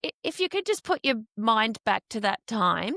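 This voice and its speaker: Earnest woman with a gravelly edge. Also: a little high, big pitch swings, normal speed, sharp tone, dry recording, clean studio sound. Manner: earnest, emphatic, acts out quoted speech. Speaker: host and foster carer. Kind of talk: interview.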